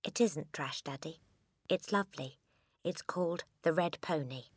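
A woman's voice: sits low, normal speed, breathy edge, no room sound. Woman doing a polite, clever little girl. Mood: pleasant. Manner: pleasant and polite, pleading.

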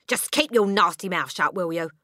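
A woman's voice: on the low side, expressive, slow, slightly rough, dry recording, clean studio sound, heavily acted. A woman voicing a bad-tempered, bullying middle-aged father who snaps, barks and sneers. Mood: angry. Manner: snapping, barking, sneering.

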